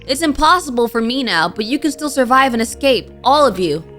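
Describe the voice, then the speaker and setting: A soft-spoken computer program talks in a polite, analytical way, voiced by a woman reading along with a video game. The tone is bright and light, and faint music plays behind. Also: sits high, lively intonation, a little fast. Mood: earnest. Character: gentle AI program voice, boyish.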